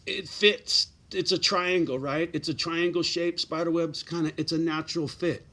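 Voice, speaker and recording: A man's voice: fairly high pitch, fairly even intonation, moderate pace, sharp tone. A middle-aged man giving blunt, profane advice in a casual straight-talking monologue, often tagging lines with "right?" and "you know".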